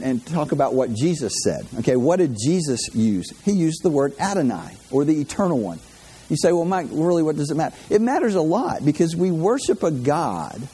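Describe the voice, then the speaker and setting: A man's voice: fairly high pitch, dark tone, husky. A man teaching a Bible class in a casual sermon style, talking conversationally, repeating himself and asking his listeners questions. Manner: conversational, repeats words and restarts, asks the audience questions. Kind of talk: informal sermon.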